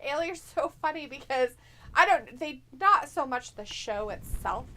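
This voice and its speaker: A high-voiced woman with a bright, sparkling tone. She teases and giggles through a casual live stream. She reads viewer comments aloud between quick reactions. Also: animated. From Upper Midwest of the US. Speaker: co-host of a live watch-along stream.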